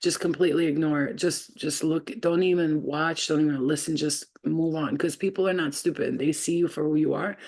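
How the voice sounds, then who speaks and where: A woman's voice: low voice, steady tone, brisk, hardly any pauses, darkish tone. A woman giving a casual livestream spiritual reading, rambling loosely and filling her talk with fillers. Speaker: spiritual reader.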